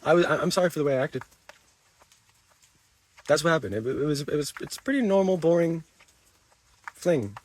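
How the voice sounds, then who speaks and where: A man's voice: fairly high pitch, animated, normal speed, pauses often, a little hiss or hum. A man livestreaming to his chat, talking defensively, repeating himself and swearing.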